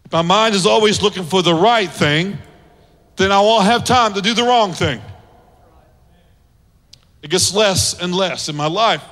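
A male pastor preaching in a high, ringing voice with a bright, forceful edge. He drives his points home through repeated, building phrases. Long reverb from a large church hall stretches out behind every line. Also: a little slow, pauses often. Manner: emphatic, repetitive preaching with rising exhortations. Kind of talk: sermon.

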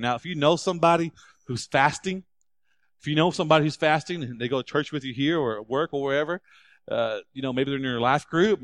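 A man preaching a sermon as a pastor, animated and climbing into loud, emphatic stretches. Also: on the high side, dry recording.

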